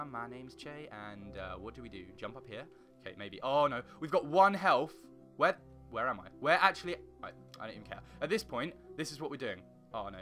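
A young man commenting on his own gameplay in a rambling, excitable way, breaking into panicky yelps. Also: mid-range voice, a little fast, soft background music. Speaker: gaming channel host. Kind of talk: casual let's play commentary.

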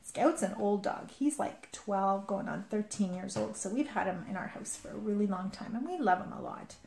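A woman's voice: mid-range voice, moderate pace, creaky, dark tone, echoey room. A woman early years educator talking casually to children about her old dog, with fillers like "like" and "kinda". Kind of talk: casual talk and singing to children.

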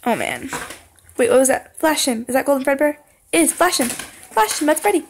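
A young woman playing a horror game, talking to the screen, singing along and yelling when scared. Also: high-pitched, animated, brisk, a little hiss or hum. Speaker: gaming channel host. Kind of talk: horror game let's play commentary.

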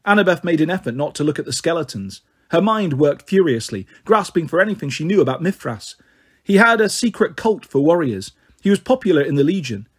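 A man narrating a storybook in a steady, even manner. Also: a little high, fairly quick, slightly rough. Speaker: audiobook reader.

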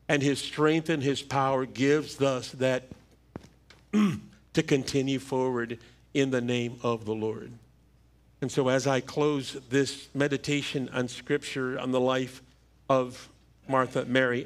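A middle-aged man, a pastor, giving a funeral sermon in a church with a measured, halting delivery and repeated words. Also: mid-range voice. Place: church sanctuary. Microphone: livestream church microphone.

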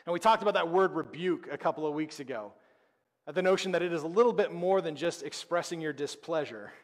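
A man preaching a sermon as pastor, conversational and emphatic, with dramatic pauses. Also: a little high. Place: church sanctuary. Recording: long reverb of a church hall.

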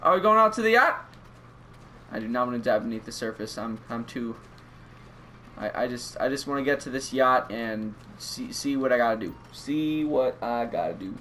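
A young man commentating a video game playthrough, excitable and rambling with lots of stammering restarts. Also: mid-range voice, normal speed, a little hiss or hum. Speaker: gaming YouTuber. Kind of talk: let's play commentary.

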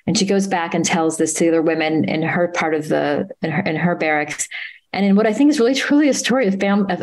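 A woman guest at a live talk, earnestly retelling a story with many pauses and restarts. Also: fairly low pitch, poor audio. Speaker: author and interview guest.

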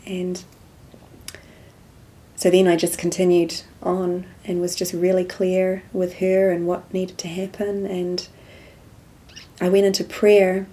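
Soft-spoken woman. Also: fairly low pitch, completely flat delivery, slow pace. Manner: soft-spoken storytelling, acts out quoted dialogue. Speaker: interview guest. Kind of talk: personal spiritual testimony.

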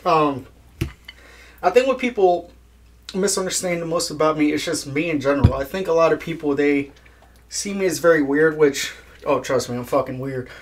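A man's voice: fairly high pitch, normal speed, slight background noise. A young man chatting casually in an interview, laid-back, swearing a lot and laughing at his own jokes. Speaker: guest musician.

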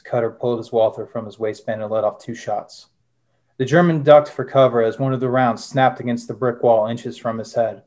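A young adult man talking about his own novel in a relaxed, filler-heavy way. His voice sits at an ordinary male pitch, and he also reads his prose aloud in a steady narration. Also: a little fast. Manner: casual, many "uh" fillers. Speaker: author, former Marine. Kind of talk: interview answers and reading from his novel.

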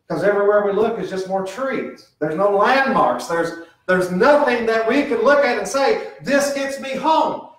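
A middle-aged man preaches a sermon in a relaxed, earnest way. His voice sits a bit high, and it rings through a very echoey church. He sounds some distance from the microphone. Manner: earnest, conversational preaching with lively swings and quoted voices. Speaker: pastor. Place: church sanctuary.

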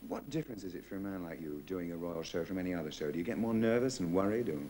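A man's voice: low-pitched, very fast, warm tone, a little hiss or hum. A man interviewing a performer in a chatty way, laughing between questions. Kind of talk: backstage interview.

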